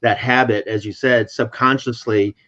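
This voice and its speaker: A man's voice: medium pitch, steady tone, normal speed, fairly bright tone. A man hosting a casual chat, summarizing and clarifying points in a teacherly way. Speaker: host. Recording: slightly dull lo-fi audio.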